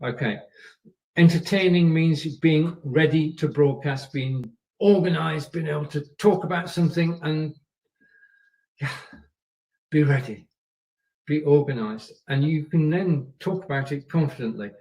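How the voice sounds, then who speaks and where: On a live stream, a male coach chats through his tips in a fairly high, slightly mellow voice, speaking at a measured pace with long pauses. He repeats himself often and keeps checking on his audience. The recording, made with a camera and microphone, is low quality, and he sits far from the mic.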